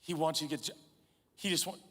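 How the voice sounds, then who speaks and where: Breathless bright-voiced man preaching in a hall. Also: on the high side, fast talker. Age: 40s. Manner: animated, conversational, humorous. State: out of breath, sweating. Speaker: pastor. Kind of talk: sermon. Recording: reverberant large hall.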